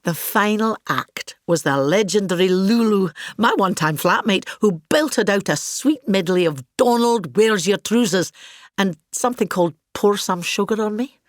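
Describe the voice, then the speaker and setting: A woman's voice: mid-range voice, lively intonation, normal speed, dry recording, studio quality, lightly acted. A woman with a Scottish accent playing a vain, grandiose older actress in a scripted comic monologue, pompous and gossipy. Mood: grand.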